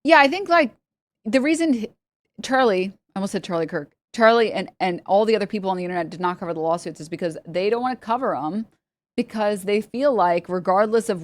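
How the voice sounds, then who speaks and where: Here a woman's medium-pitched voice moves at a fairly quick clip with no echo. She's a streamer in casual live chat, rambling, full of fillers, and frequently laughing.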